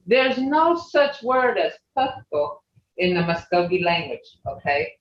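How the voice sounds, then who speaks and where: A language teacher giving a slow, repetitive pronunciation lesson over a video call, often checking in with "okay?". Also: mid-range voice, very animated, fairly bright tone. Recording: roomy, muffled video-call audio.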